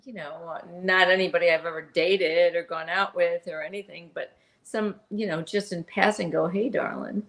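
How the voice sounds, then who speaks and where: A woman co-hosting a podcast in casual chat, giggly and animated, laughing often. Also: fairly low pitch, moderate pace, few pauses. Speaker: podcast co-host.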